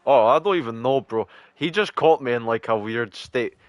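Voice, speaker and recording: A man's voice: mid-range voice, lively intonation, normal speed, no room sound. A man streaming a game, chatting casually and rambling, swearing and saying "like" constantly. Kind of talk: casual chat while gaming.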